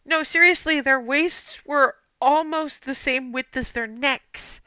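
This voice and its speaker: A woman's voice: high voice, slow, bright, forceful tone, dry recording, exaggerated voice. Woman playing a frustrated talking walrus. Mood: exasperated.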